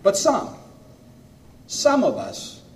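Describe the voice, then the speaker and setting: A man preaching a sermon as a pastor, earnest, pausing phrase by phrase and swinging between loud and soft. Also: sits high, huge pitch swings, slight background noise. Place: church sanctuary. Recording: echoey room, mic far off.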